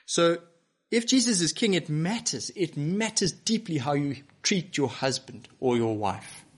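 A man's voice: on the high side, expressive, measured pace. Earnest male preacher. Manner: earnest, emphatic preaching with rhetorical questions. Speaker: pastor. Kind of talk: sermon. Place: church broadcast to home viewers.

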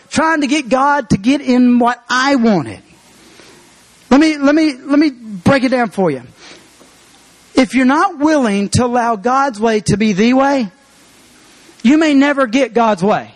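A man preaching a sermon as pastor, earnest and conversational, slowing down to stress key phrases. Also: very high-pitched.

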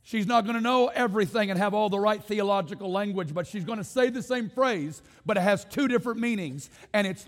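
A man with a high voice preaches with rising passion, stacking phrase on phrase and calling out for the congregation to answer back. His voice rings through a church sanctuary with a long, lingering reverb. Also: brisk, hardly any pauses. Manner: impassioned, repetitive rhetorical build-ups, directs congregation to respond. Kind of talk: sermon.

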